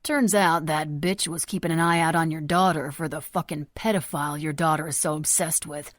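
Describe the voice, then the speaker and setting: A woman's voice: low voice, steady tone, a little fast, no room sound, clean studio sound, lightly acted. Woman doing a menacing young villain. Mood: sneering. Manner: menacing, crude, snarling. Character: young man, jittery violent armed villain.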